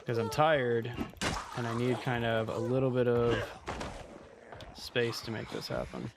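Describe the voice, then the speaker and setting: A man's voice: mid-range voice, level tone, unhurried, vocal fry, background noise. A man streaming a game live, chatting casually with viewers as he plays. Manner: chatty, talks to chat while playing. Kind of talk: casual live gameplay commentary.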